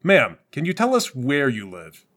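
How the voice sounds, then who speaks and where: A man playing a tabletop game, rambling through stories with a deadpan manner. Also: medium pitch, measured pace. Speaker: player. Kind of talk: tabletop game banter and in-character play.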